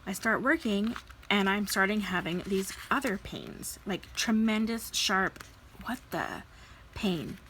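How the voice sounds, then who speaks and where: A woman's voice: mid-range voice, slow, a little hiss or hum, low-quality recording. Woman candidly telling a personal story. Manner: candid, animated retelling with quoted dialogue. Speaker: vlogger. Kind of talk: casual storytelling while crafting.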